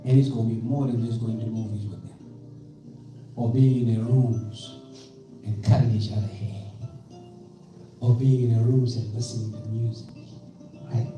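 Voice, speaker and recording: A South African man in his fifties, a pastor giving an animated storytelling talk in a museum gallery, often checking in with the audience. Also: lowish voice, normal speed, pauses often. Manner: animated, leads call-and-response, asks "right?" often. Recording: echoey gallery from far off with music.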